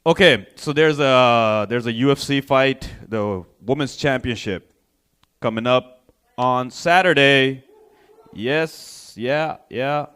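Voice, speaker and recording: A man's voice: medium pitch, takes it slowly, a bit bright, smooth. A man doing a stand-up set at an open mic, loose and profane, rambling with lots of fillers. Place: small comedy club stage.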